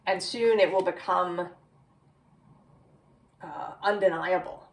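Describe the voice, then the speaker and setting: A woman reads tarot cards in an unhurried, low-pitched voice, musing aloud and checking in with "right?". She sits a little way back from the mic, so her voice sounds slightly distant. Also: creaky. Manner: slow, musing, with many "right?" tags. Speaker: tarot reader. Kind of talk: tarot reading.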